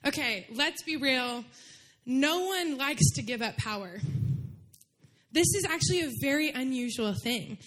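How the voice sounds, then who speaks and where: A young woman preaching a sermon in a chatty storytelling way, full of "like" and quick laughs. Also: high voice, lively intonation, fairly bright tone. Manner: chatty, full of "like", laughs while telling stories.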